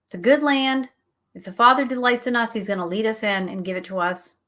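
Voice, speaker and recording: A middle-aged woman hosting a show, teaching a Bible study in a conversational, animated way and laughing at herself now and then. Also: a little high, fairly quick. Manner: animated, chatty, acts out quotes, laughs at herself.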